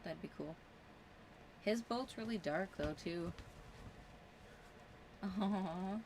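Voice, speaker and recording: A soft-spoken woman with a lowish voice chimes in casually on a live stream, tossing in quiet asides. She is aboard a small sailboat in a marina, with a faint hiss under her voice. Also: takes it slowly, poor audio. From Canada. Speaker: livestream co-host.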